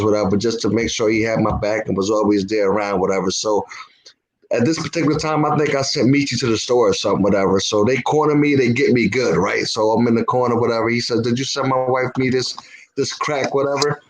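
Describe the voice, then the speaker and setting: A man's voice: medium pitch, quick pace, low-quality recording. A man telling a long story in casual chat, full of swearing and stopping often on "whatever". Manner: profane, peppers speech with "whatever". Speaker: podcast co-host.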